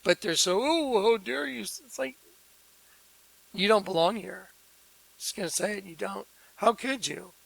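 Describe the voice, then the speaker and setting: Sarcastic high-voiced man ranting. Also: a little slow, vocal fry, pauses often, a bit bright, husky, rough recording. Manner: sarcastic, combative, repeats himself; preachy religious language. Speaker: video host. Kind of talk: ranting monologue to camera.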